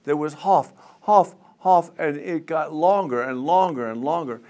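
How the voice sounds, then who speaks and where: A man in his seventies, a singer telling stories in a casual interview, rambling and animated, mimicking crowd chants. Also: a little high, unhurried. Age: 70s.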